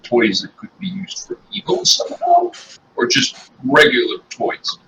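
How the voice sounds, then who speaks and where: A soft-spoken man playing in a tabletop game, chatting casually. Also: on the high side, wildly swooping pitch, measured pace, roomy sound. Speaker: player. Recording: distant mic with hiss.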